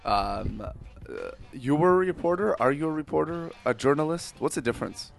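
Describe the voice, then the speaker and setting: A man's voice: on the high side, expressive, a little fast, vocal fry, faint music behind. A man co-hosting a podcast, talking in a rambling, hesitant way full of fillers. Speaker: podcast co-host. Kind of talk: casual chat.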